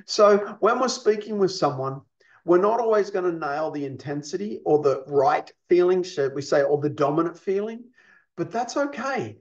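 Man teaching, slightly high voice, muffled. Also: animated, moderate pace. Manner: explanatory, checks in with "you see?" and "okay?". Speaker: counselling instructor. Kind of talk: recorded teaching lesson.

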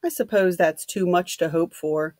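A woman reading the lines of a blunt, gruff man, an ex-policeman, in a dry room. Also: lowish voice, moderate pace, a little mellow, no echo, close to an everyday voice.

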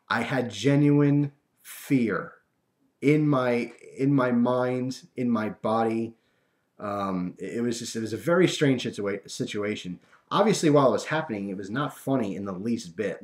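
With a mid-range voice, a young man recounts a personal story to his viewers, casual and animated, stumbling through fillers and restarts.

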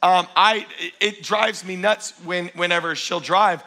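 Bright, high-voiced male pastor preaching. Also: a little slow. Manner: energetic, joking with the congregation. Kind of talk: sermon. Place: church before a congregation.

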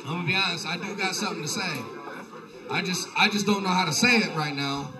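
A man's voice: high voice, fast talker, far from the mic, music in the background, poor audio. A young man doing a rambling, profane stand-up set in a comedy bar. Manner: profane, loose, rambling delivery. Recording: live bar set with crowd laughter.

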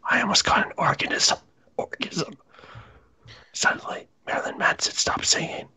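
A man doing a comedic, mock-dramatic reading of fan fiction, reading the punctuation aloud in a breathy half-whisper. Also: fairly quick, bright, forceful tone. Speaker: reader.

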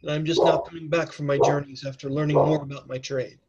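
A quiet, mysterious scarf-making mystic, put on by a man running a tabletop game. He speaks in a measured, faintly sardonic way, softly and without hurry. The voice sits a bit higher than most men's. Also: flat delivery, highs cut off, a loud crowd, lightly acted. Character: calm mysterious male mystic scarf maker.

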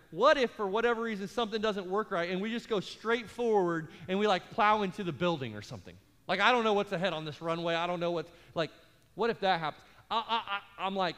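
A pastor preaching a sermon, telling a comic story with acted-out voices before turning calm and earnest. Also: male voice, sits high. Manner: animated storyteller, acts out voices, later calm and earnest in prayer. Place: large church auditorium. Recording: live church hall reverb with faint music.

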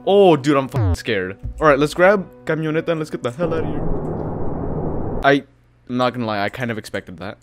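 A man's voice: a little high, sing-song, normal speed, soft background music. A man doing let's play commentary on a horror game, jumpy and easily spooked, swearing as he goes. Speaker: gaming YouTuber.

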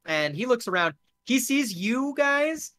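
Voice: medium pitch, sing-song, a little slow, a bit bright, no echo. A game master casually narrating a tabletop game, with lots of fillers and swearing. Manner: casual and profane with many fillers.

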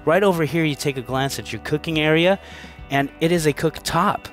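With soft music in the background, a man with a fairly high voice moves at a brisk clip through a manufactured home on display at a show. He's upbeat and talkative as tour host, occasionally restarting his sentences.

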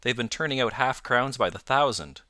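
A man voicing a brisk, eager male police inspector in an audiobook, bluff and hearty. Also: medium pitch, animated, bright, forceful tone, no echo, studio quality, voice pushed up. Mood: businesslike. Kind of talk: audiobook narration.

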